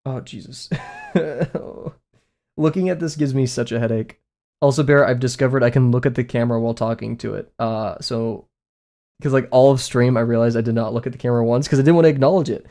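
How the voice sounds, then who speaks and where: A man's voice: medium pitch, warm tone. A young man chatting casually to his viewers while drawing on a live stream, rambling and poking fun at himself. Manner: rambling and self-mocking, talks to chat. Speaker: art streamer.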